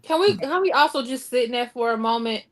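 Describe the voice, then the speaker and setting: A woman with a high voice speaks in an impassioned, emphatic way on a talk panel. She often repeats words and restarts sentences while making her point. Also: animated, quick pace. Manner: emphatic, repeats herself, rising indignation. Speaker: co-host of a local talk show. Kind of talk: passionate panel discussion.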